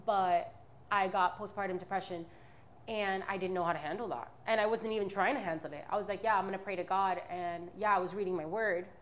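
With a medium-pitched, steady voice and a brisk pace, a twenty-something woman shares a frank personal testimony on a podcast. She rambles, using many fillers and restarting often. There's slight background noise.

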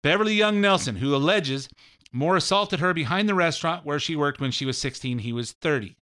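A middle-aged man holds forth in a blunt, ranting monologue, circling back and repeating his points. His voice sits a little high for a man and comes through smooth and clean. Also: fairly quick, bright, forceful tone. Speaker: show host. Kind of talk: opinionated political monologue.

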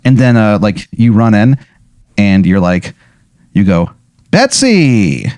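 A man's voice: lowish voice, a little slow, mellow, clean tone, dry recording, studio quality. Man casually rambling game narrator. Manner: casual, profane, rambling with many fillers. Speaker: game master. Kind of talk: improvised comedic narration.

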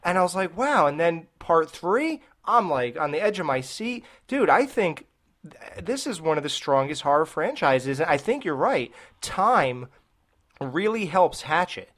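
A man's voice: on the high side, very animated, a little slow, fairly bright tone. A man hosting a podcast, chatting casually and enthusiastically and calling his guest dude. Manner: enthusiastic, calls people dude. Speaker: podcast host.

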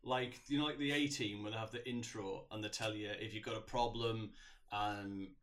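A man's voice: lowish voice, fairly even intonation, a bit bright. A man co-hosting a comedy podcast, upbeat and asking the others questions. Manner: upbeat, quick to laugh, leads the questions. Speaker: podcast co-host. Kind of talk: casual comedic chat. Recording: faint background noise.

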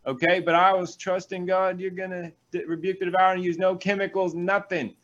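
A man, a pastor, reading scripture aloud and breaking off into energetic, animated stories with quick asides. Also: sits high, lo-fi sound. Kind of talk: reading scripture and preaching in a talk show.

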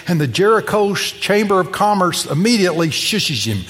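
Speaking at normal speed with hardly any pauses, a pastor with a high-pitched voice brings a sermon story to life by performing each person's voice. He's expressive, shifting between quiet asides and loud bursts, and a church sanctuary's long reverb trails after his voice.

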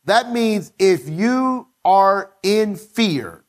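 A man's voice: high-pitched, animated, very slow. A male pastor preaching a sermon in church, repeating phrases and calling on the congregation to say them with him.

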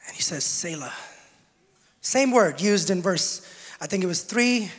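A man preaching a sermon to a congregation, swinging between shouted exhortation and quiet teaching, and joking with the people in front of him. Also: high-pitched, lively intonation, a little slow. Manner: jokes with the congregation. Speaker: pastor. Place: church hall with congregation. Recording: long church hall reverb.

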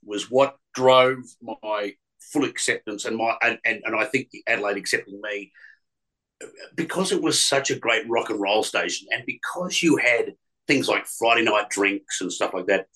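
A middle-aged radio presenter rambles through stories from his career in a casual storytelling interview, with many restarts and fillers. His voice is mid-range and a bit bright. The audio is poor.

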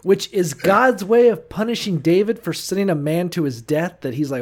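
A man in casual conversation, making crude jokes and quick asides. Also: sits high. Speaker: podcast co-host. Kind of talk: casual irreverent chat.

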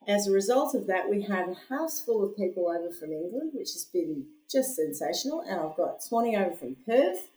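A woman's voice: medium pitch, a little mellow. A woman hosting a podcast, chatty and laughing, rambling through asides, a little hungover. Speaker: podcast host and storyteller. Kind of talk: casual chat. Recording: echoey room.

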